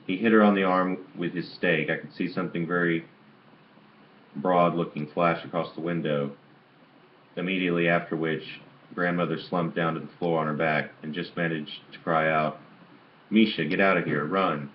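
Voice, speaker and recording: A man's voice: low voice, steady tone, normal speed. A man reading a novel aloud in an amateur way, stumbling and restarting on some words, on a dull lo-fi recording with faint hiss. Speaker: audiobook reader.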